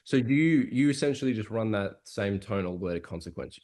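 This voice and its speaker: A man's voice: on the low side, animated, a little fast, a little mellow. A man practising a sales call, hesitant and casual, often repeating words. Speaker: salesperson in training.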